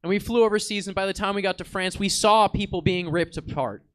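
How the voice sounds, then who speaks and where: A man's voice: sits high, a little fast, a bit bright, smooth. A man voicing the ghost of a World War Two soldier, stammering and heartfelt as he tells his story. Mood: earnest. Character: earnest old WWII soldier ghost, wistful.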